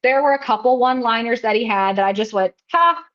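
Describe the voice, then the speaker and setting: A woman's voice: fairly high pitch, fast, highs cut off. A woman co-hosting a casual movie-review podcast, chatty and giggly, often trailing off. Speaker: podcast co-host.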